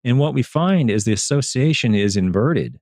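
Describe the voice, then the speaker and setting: A man who is a turf scientist, talking as a guest on a casual livestream, earnest and animated, often repeating and restarting his words. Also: medium pitch, normal speed, dry recording, studio quality. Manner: animated storyteller.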